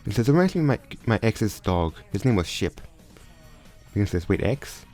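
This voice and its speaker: A man's voice: fairly low pitch, sing-song, normal speed, a little mellow. A man casually improvising a story aloud, often stumbling and restarting his sentences. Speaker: storyteller retelling a fan crossover story. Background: faint background music.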